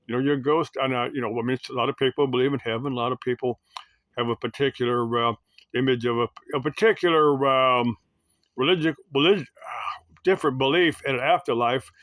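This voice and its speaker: Casting: male host, rambling solo commentary, halting delivery, mid pitch, dry close sound. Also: fairly bright tone, no echo. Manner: halting, full of uhs and restarts, musing aloud.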